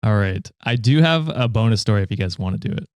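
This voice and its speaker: A man's voice: on the low side, lively intonation, fast, darkish tone, smooth, no echo. A man hosting a podcast, reading a story post aloud between casual chat and frequent laughter. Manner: laughs often, reads posts aloud. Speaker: podcast host reading stories.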